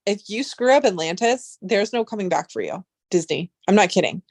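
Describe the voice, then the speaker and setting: Young woman streamer, chatty, excitable, swears often, dry close sound. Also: mid-range voice, normal speed, vocal fry, no echo. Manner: rambling, excitable, swears freely. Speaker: livestream host. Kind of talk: casual livestream chat.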